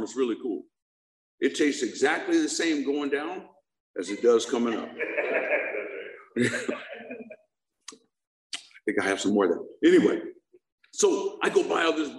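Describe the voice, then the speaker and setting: A man's voice: medium pitch, animated, moderate pace, pauses often. A middle-aged man telling a humorous personal recovery story to a live audience, joking and asking them questions. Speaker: speaker sharing his recovery story. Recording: echoey room.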